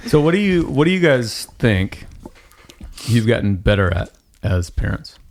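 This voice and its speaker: A man's voice: medium pitch, big pitch swings, normal speed, darkish tone. A man co-hosting a podcast, talking reflectively in casual chat. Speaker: podcast co-host.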